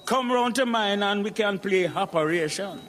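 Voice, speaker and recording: A man's voice: sits high, normal speed, fairly bright tone, a little hiss or hum. An actor playing a scheming, sarcastic older father who runs a record shop, in a radio sitcom. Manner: sarcastic, cheeky. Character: cheeky scheming old dad, sarcastic.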